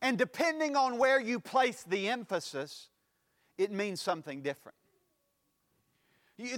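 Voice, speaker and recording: A male pastor preaching a sermon, with a preaching cadence that swells into sudden loud emphatic lines. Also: high-pitched, in a large hall.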